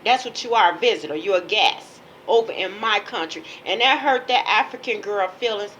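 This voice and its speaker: A woman's voice: medium pitch, moderate pace, a bit bright, lo-fi sound, a little hiss or hum. A woman from Chicago delivering a ranting monologue, emphatic and lecturing, repeating her phrases to press each point. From Chicago, USA. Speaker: page owner.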